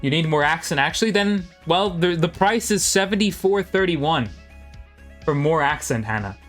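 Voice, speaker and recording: Man, a touch high-pitched, calling a game live and chatting with viewers, soft music underneath. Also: lively intonation. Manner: quick play-by-play, chatting with viewers between plays. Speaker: commentator. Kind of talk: live game play-by-play commentary.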